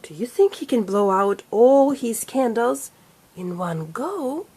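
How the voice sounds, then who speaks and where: A woman teaching young children to read. She speaks slowly and clearly, says each word aloud, then echoes it in a whisper. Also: a little high, sing-song, mellow. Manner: slow, clear, encouraging delivery for young learners. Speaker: reading teacher. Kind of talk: scripted children's reading lesson.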